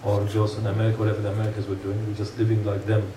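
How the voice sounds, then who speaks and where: A preacher gives an earnest sermon to his congregation, posing rhetorical questions and telling stories in a lowish, monotone voice at a rapid-fire pace. The room is echoey, the mic sits far away, and there's a faint hum.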